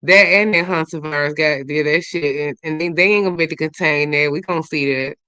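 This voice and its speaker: A woman hosting a casual livestream, chatting and gossiping as she reads out viewers' comments, swinging between loud bursts and low mutters. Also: fast talker, clean tone, dry recording. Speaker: livestream host.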